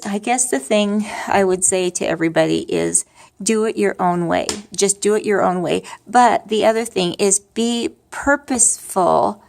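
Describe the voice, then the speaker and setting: A woman's voice: medium pitch, creaky, a little mellow. A middle-aged woman talking candidly and a bit wearily about grief, rambling with many restarts and wry asides. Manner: candid and upfront, with wry humor. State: tired. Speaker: vlogger sharing her grief story. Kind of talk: casual personal monologue.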